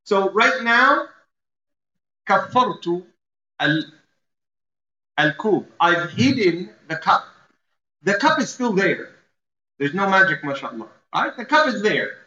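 A man's voice: high voice, very animated, slow pace, pauses often, sharp tone. A man giving a sermon, explaining Arabic terms and acting out everyday scenes. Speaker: preacher. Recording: roomy, slightly dull sound.

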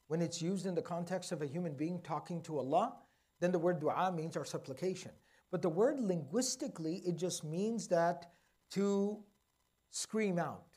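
A man giving a religious lecture to a live audience. He explains carefully, slows down to stress key words and keeps checking in with "okay?" and "right?". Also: fairly high pitch, a little mellow. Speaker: Quran teacher.

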